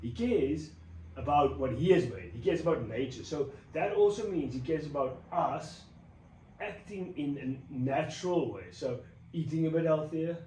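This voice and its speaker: A man talking in a casual devotional vlog, animated and a bit preachy, rambling with restarts. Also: fairly high pitch, normal speed, slight background noise. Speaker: vlogger. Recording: roomy echo, mic at a distance.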